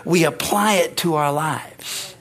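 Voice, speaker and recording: A man's voice: a little high, slow pace, a bit bright. A man preaching a rousing sermon, calling out amens and hallelujahs between points. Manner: rousing, call-and-response preaching. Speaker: pastor.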